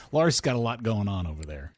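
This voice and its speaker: A man co-hosting a casual podcast chat, rambling and correcting himself, laughing often. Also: fairly low pitch. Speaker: podcast co-host.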